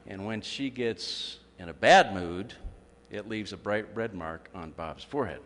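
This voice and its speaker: A man's voice: on the low side, measured pace, a bit bright, slight background noise. A man giving a humorous speech at a club meeting, telling jokes and acting out quotes. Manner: joke-telling with acted quotes. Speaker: club speaker. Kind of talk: humorous after-dinner speech. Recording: echoey hall, faint ambience.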